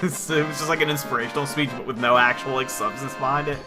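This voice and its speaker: A man's voice: mid-range voice, steady tone, fast, music in the background. A man hosting a let's play, chatting casually with joking, profane, rambling asides. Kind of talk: casual gaming commentary.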